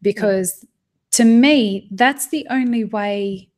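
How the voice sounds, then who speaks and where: A woman's voice: a little high, slow, darkish tone. Impassioned woman talking shop. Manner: impassioned, frequent restarts and swearing. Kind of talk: casual podcast conversation.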